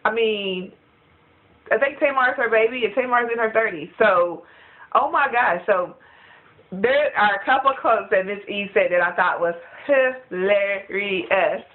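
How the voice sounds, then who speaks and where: A woman chatting in a casual review vlog, gossipy and animated, laughing often. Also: mid-range voice, unhurried. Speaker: reality TV reviewer. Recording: tinny phone-like sound.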